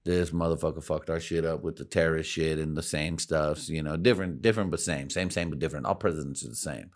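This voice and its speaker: A man's voice: a bass voice, fast talker. A man hosting a podcast, rambling in a casual, profane way and laughing at his own jokes. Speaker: podcast host.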